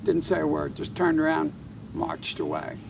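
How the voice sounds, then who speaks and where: An older man, a tour guide and author, telling a wry, measured anecdote to camera outdoors. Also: fairly high pitch, very animated, vocal fry, far from the mic, noisy background. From Charleston, South Carolina.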